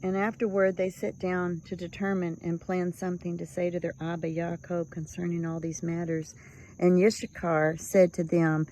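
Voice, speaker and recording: A woman's voice: fairly low pitch, level tone, moderate pace, dark tone, a little hiss or hum, low-quality recording. A woman reading aloud from a religious text, with earnest, dramatic emphasis on the quoted speech. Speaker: scripture reader.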